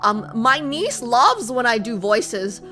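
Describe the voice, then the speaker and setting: A woman streamer talking casually to her chat and reading a game's story aloud, playful and teasing herself. Her voice is bright and fairly high, with a lively rise and fall. Soft music plays faintly behind her. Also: takes it slowly.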